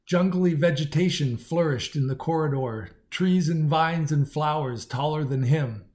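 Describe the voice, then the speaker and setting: A man reads a science fiction story aloud with measured, lightly wry narration. His voice sits a little higher than most men's. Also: a little mellow. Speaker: audiobook narrator. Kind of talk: scripted narration.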